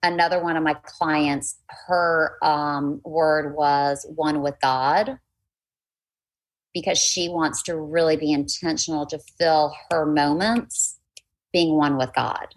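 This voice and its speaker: A woman's voice: low-pitched, fairly even intonation, slow, low-quality recording. A woman life coach talking earnestly in a casual conversation, chatty and faith-filled, often restarting her sentences.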